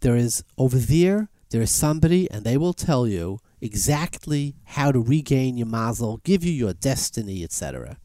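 A man voicing an old village wise man in a fable, speaking low and half-whispered. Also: sing-song, normal speed, few pauses, dark tone, dry recording, natural voice. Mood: secretive.

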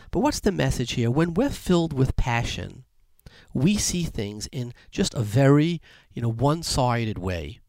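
A man giving a sermon as a rabbi, telling anecdotes and jokes with lively voice shifts. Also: medium pitch, normal speed, no room sound. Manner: animated storyteller, lively voice shifts.

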